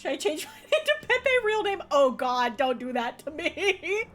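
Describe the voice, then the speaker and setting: High-voiced excitable woman streamer. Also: a little slow. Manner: excitable, laughs often, loud playful outbursts. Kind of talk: casual livestream gameplay commentary.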